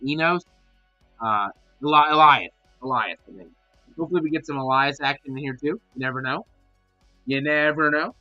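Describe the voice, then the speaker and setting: Bright-voiced man rambling through live-stream chat. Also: mid-range voice, no room sound, lo-fi sound. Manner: rambling, answers chat messages, excitable. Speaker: horror podcast host.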